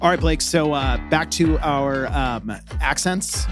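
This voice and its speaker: A man's voice: on the high side, slow, over music. A man co-hosting a podcast in friendly, playful casual chat. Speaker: podcast co-host.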